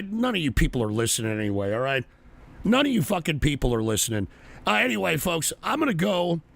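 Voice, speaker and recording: Hoarse, profane man ranting. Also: a little high, fairly bright tone. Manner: profane, angry ranting at chat. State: hoarse, strained throat. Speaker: political talk show host. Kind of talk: livestream political rant.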